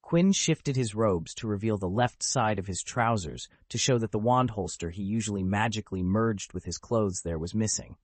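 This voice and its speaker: A man reading a web novel aloud as an audiobook narrator, in steady storytelling. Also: lowish voice, moderate pace, hardly any pauses, no room sound. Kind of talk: scripted narration.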